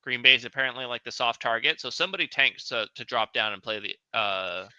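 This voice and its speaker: A man's voice: mid-range voice, brisk, bright, forceful tone, clean tone, dry recording, highs cut off. A man co-hosting a casual sports podcast, laid-back and jokey, swearing casually. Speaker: podcast co-host.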